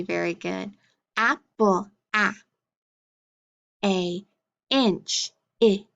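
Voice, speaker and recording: Slow, encouraging woman teacher, lo-fi. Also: mid-range voice. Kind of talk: early-grade phonics lesson.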